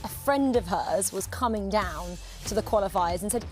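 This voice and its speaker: A woman presenting on a live esports broadcast, sharing player stories in a chatty, animated way. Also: mid-range voice, moderate pace, soft background music. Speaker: pitside reporter.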